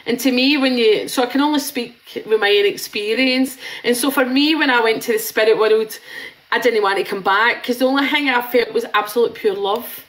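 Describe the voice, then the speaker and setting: A woman's voice: on the high side, fairly quick, a bit bright, low-quality recording. A Scottish woman in her forties giving a live psychic reading in a rambling, chatty way, swearing and laughing now and then.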